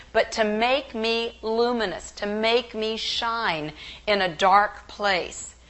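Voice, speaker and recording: A woman Bible teacher giving a slow, measured devotional teaching on a scriptural blessing. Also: medium pitch, pushed and bright. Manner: slow, measured, reverent delivery.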